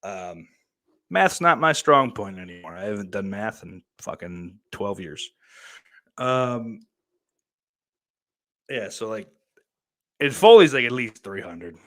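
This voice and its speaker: A young man hosting a podcast, telling a story in a rambling, casual way, swearing often, with lots of fillers and sudden loud bursts. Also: fairly low pitch, lively intonation, slow pace, long pauses, no echo. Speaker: podcast host.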